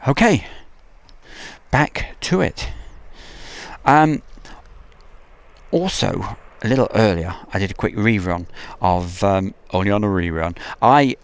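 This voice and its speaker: A man's voice: on the low side, animated, takes it slowly, long pauses, clean tone. A man hosting a casual outdoor live stream, rambling chattily and reading viewer messages aloud. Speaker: livestream host. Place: outdoors at an airfield.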